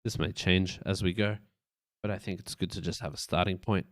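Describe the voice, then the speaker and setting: A man's voice: low-pitched, steady tone, fairly quick, no echo, studio quality. A man streaming live, casually talking through a website layout as he works, rambling and tossing in playful beeps. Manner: thinks aloud, loose and rambling, with playful sound effects. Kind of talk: casual live-stream commentary while working.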